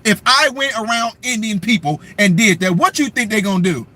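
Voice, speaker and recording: A man's voice: sits high, expressive, brisk, sharp tone. A man hosting a livestream commentary, rambling and sarcastic in a slangy style. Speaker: commentary channel host.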